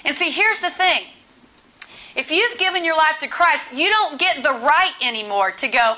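A woman gives a chatty sermon as a Bible teacher, leaning on repeated phrases for emphasis. Her voice sits high and rings bright and forceful. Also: lively intonation, normal speed. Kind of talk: conversational sermon.

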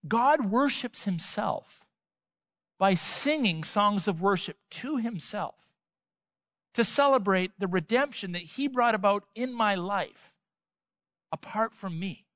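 A man preaching a sermon, emphatic, with rhetorical questions and swings between loud and soft. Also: high voice, expressive, slow, no room sound. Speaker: pastor.

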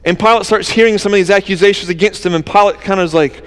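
A man's voice: sits high, quick pace, a bit bright, smooth, in a large hall. A man preaching a sermon to his church, earnest and conversational, asking the listeners rhetorical questions. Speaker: pastor.

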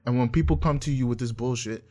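A man's voice: mid-range voice, fast talker, warm tone. Blunt, profane man ranting on a podcast. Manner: blunt, profane, heated rants. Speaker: podcast host. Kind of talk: casual podcast chat.

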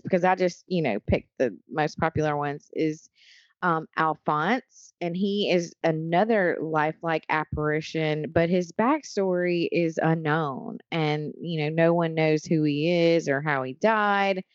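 A woman with a deep, low-pitched voice tells stories in a relaxed, unhurried way, full of fillers and restarts. The room sounds close and dry, and the recording is a bit dull and lo-fi. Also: no echo. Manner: rambling storyteller, frequent fillers and restarts. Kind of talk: casual chat.

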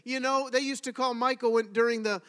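A man preaching a sermon to his congregation, telling stories in an animated way and asking the audience questions. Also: very high voice, brisk, clear, resonant tone. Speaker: pastor. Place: congregation hall. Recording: reverberant hall.

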